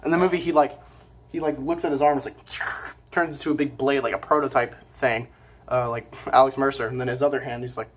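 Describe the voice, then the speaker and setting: A man's voice: medium pitch, fairly even intonation, quick pace, a little hiss or hum. A man talks through a movie review in an offhand, casual way. He rambles, stops to correct himself, and fills gaps with hesitant fillers. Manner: informal and offhand.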